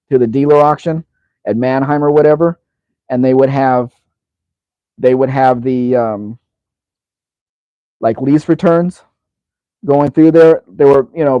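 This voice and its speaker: A man's voice: medium pitch, dry recording, highs cut off. A man from California, older, hosting a live Q&A, reading viewer comments and answering in a casual, rambling way with lots of restarts. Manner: casual and rambling, with frequent restarts and repeated words. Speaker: channel host answering viewer questions.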